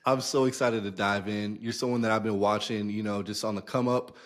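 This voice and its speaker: A man's voice: on the low side, fairly even intonation, a little fast. A man who hosts a podcast, chatting in an upbeat, joking way and hyping up his guest. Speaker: podcast host. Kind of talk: casual interview chat.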